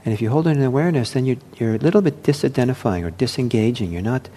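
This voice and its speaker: Soft-spoken man giving a dharma talk. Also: mid-range voice. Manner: gentle, unhurried, with frequent fillers and restarts. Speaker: meditation teacher.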